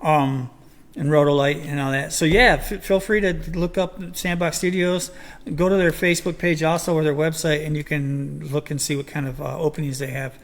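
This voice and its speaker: A man's voice: on the high side, fairly even intonation, moderate pace. An older man, hosting a casual chat show and rambling through his points with plenty of ums and restarts. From Michigan. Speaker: podcast host.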